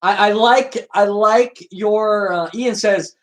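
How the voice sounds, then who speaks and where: A man's voice: high-pitched, slow pace, poor audio. A man hosting a livestream in an earnest, lecturing way, reading viewer comments and answering them by name. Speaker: livestream host.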